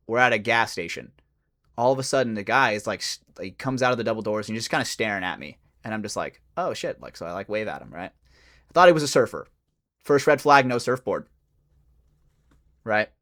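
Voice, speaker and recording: Animated young man telling a story. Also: fairly low pitch. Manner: animated, swearing, acts out quoted voices. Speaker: podcast co-host. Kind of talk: casual storytelling.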